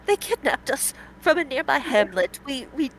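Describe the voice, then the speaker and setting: A woman voicing a shaken, rescued old village woman who is flustered and quick to cackle. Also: high voice, big pitch swings, slight background noise. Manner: flustered and teary, then bursts into cackling laughter.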